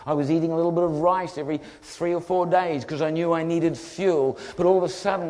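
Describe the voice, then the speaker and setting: New preacher, slightly high voice. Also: male voice, fairly quick. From New Zealand. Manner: lively storyteller acting out voices. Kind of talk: humorous testimony sermon. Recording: long hall reverb.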